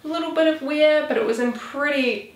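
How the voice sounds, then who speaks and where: A woman's voice: high-pitched, normal speed, echoey room. A woman in her twenties, chatting casually as a vlogger, rambling with lots of "like" and "um". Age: 20s. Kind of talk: casual chat.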